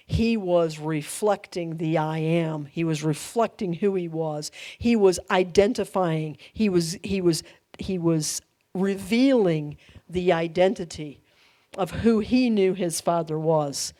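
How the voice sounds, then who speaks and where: A middle-aged woman pastor teaching a Bible study, animated, laughing often and acting out quoted lines. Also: lowish voice, slow.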